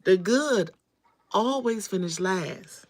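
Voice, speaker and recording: On a casual livestream, a woman with a medium-pitched, animated voice speaks at a slow pace over a little hiss or hum. She talks directly to her viewers, greets them by name, and repeats phrases for emphasis.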